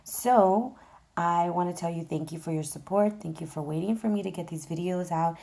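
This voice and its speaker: Woman, tarot reader, exhausted voice, deep fry, low pitch, casual chatter. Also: moderate pace, mellow. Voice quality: gravelly, low voice. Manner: chatty, direct address, many fillers. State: vocally exhausted, voice going in and out.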